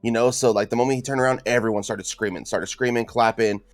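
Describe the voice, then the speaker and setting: A man's voice: mid-range voice, fast talker, dry recording, faint music behind. A man on a podcast panel telling stories with lots of acted-out reactions. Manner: animated storyteller, acts out his own reactions. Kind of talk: casual chat.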